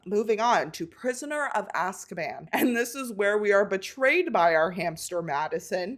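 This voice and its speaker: A young adult woman giving casual let's-play commentary, chatty, laughing often and swearing casually. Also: medium pitch. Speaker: gaming vlogger.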